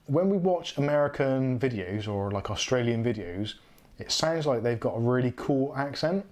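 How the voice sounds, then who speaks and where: A man with an English West Country accent chats loosely on his home livestream, often stopping to correct himself. His voice sits at an everyday middle pitch. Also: lively intonation, moderate pace, darkish tone. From England. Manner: rambling, self-correcting, chatty. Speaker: livestream host. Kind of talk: casual livestream chat.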